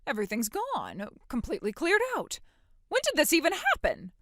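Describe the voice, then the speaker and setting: A condescending, manipulative middle-aged mother, acted by a woman, with a lively pitch that swings high and low. Her voice sits a little above average and sounds dry and close to the mic. She talks down to her daughter in a dramatic voiced story. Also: moderate pace, no echo, full character voice. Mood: shocked. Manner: condescending, later gushing and pushy.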